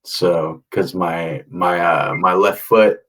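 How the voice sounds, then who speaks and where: A man hosting a chat, talking in a halting way with many fillers. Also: deep voice, a bit bright, distant mic. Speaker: interview host. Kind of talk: casual chat.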